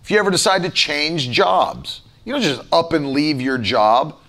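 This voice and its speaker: Preaching as a pastor, a man uses a slightly high, bright, animated voice with a forceful tone at a moderate pace. He tells stories casually with fillers, then breaks into emphatic, rhythmic lists that repeat words.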